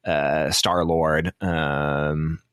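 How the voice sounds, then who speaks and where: A man's voice: very deep voice, little pitch movement, fairly bright tone, clean tone, dry recording, studio quality. A young man co-hosting a podcast, reviewing a movie in a casual, rambling way with lots of fillers. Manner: rambling, many fillers, quick asides. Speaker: podcast co-host.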